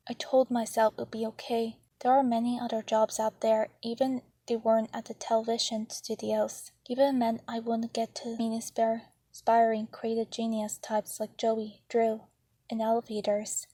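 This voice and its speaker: Gravelly-voiced woman reading a novel aloud. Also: fairly high pitch, warm tone, no room sound. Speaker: narrator.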